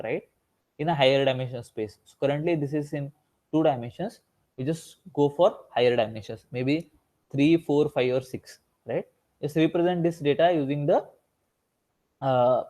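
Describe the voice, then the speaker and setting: A man's voice: a little high, warm tone. A male instructor giving an online revision lecture, asking himself rhetorical questions and tagging lines with "right?".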